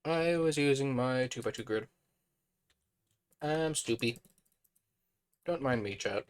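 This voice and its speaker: Male streamer with a hoarse, worn voice at mid pitch, casual, mutters through tasks. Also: lively intonation, moderate pace. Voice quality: thinks aloud, mutters to himself, chatty. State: hoarse, voice fading. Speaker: streamer playing a building game. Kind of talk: casual live-stream commentary.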